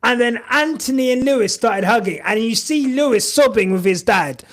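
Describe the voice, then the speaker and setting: High, lively man chatting live. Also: normal speed, few pauses. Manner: rambling and emotional, many fillers. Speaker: podcast host streaming live. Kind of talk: casual live-stream chat.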